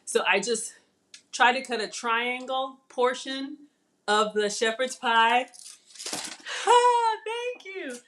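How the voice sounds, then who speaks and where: A woman's voice: a little high, steady tone, slow, bright, forceful tone. A woman hosting a casual live cooking stream from her home kitchen, chatting animatedly with viewers. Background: cutlery and dish clatter.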